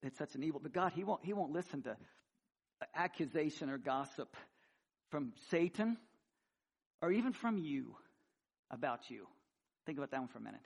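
A male pastor preaching a sermon in an animated style, swinging between loud emphasis and quiet conversational asides with some humor. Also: fairly high pitch, moderate pace, creaky, pauses often, slightly rough. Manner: conversational, with frequent restarts and humor. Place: church sanctuary.

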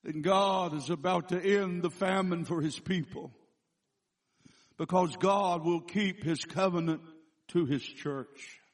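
A man preaching as a guest speaker, telling a story with frequent restarts and self-corrections, slowing down to stress scripture. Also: high voice. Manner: slows down for emphatic scripture quotes. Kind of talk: sermon.

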